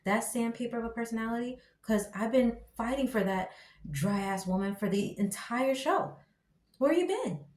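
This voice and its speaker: A woman's voice: on the high side, moderate pace. Exasperated slangy woman in echoey room. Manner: exasperated, slangy, animated ranting. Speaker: show reviewer. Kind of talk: casual opinion commentary.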